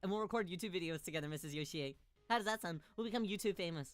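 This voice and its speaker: A woman's voice: very fast, faint music behind. A woman streamer playing a visual novel, reading its lines aloud and joking around in a playful, giggly way. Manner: playful and giggly, jumps into sudden high squeals. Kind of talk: casual let's-play commentary, reading dialogue aloud.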